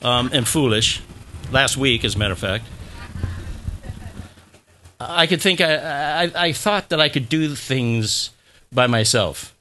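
A man's voice: medium pitch, lively intonation, takes it slowly, long pauses, pushed and bright, slight background noise. A middle-aged man preaching a sermon as pastor, talking in a conversational way, repeating phrases and having the congregation say words back.

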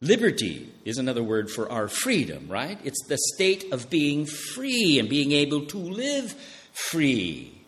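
A male pastor preaching a sermon, asking the congregation questions and answering them himself, slowing down to stress key words. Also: on the high side, wildly swooping pitch, fairly bright tone, in a large hall.

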